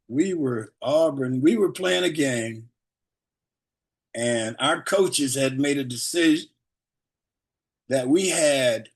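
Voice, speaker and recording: An older man, a guest speaker, tells stories to a group in a relaxed, rambling way and chuckles often. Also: mid-range voice, husky. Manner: relaxed, rambling delivery with fillers. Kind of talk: storytelling anecdotes to a group.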